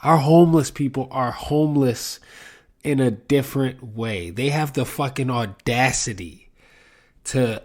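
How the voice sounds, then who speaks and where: A man's voice: medium pitch, a little slow. A man from New City, hosting a casual solo podcast and telling rambling, profane stories from his apartment. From New York City. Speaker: podcast host. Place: apartment room with a window to the street.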